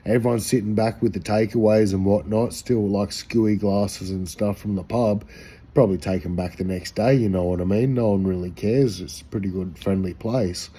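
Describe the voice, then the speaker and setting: A man's voice: fairly low pitch, steady tone, normal speed, warm tone, slightly rough. An Australian man telling a rambling, slangy, profane anecdote in a casual way. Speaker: storyteller.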